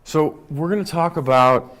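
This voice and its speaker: A man giving a lively talk to a live conference audience, often checking in with "right?" and "okay?". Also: on the high side, normal speed. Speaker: conference speaker.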